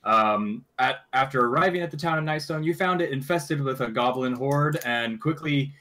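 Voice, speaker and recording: A man narrating a tabletop game as game master, halting with frequent fillers and restarts. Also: medium pitch, bright, forceful tone. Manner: halting, many fillers and restarts while recapping.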